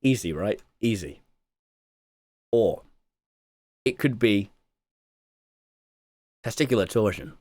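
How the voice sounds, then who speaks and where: A young man, telling a story to his live stream chat in an excitable way, dropping to mumbled asides and rising to loud yelps, and swearing freely. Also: lowish voice, slow pace, pauses often, dry recording, clean studio sound. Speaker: livestreamer.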